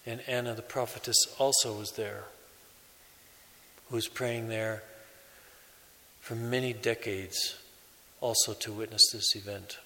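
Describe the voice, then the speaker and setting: A priest delivers a sermon in a slow, measured way, pausing between phrases. His voice is slightly low yet bright and forceful. A long church reverb trails behind every word. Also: steady tone. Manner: slow, measured preaching with pauses.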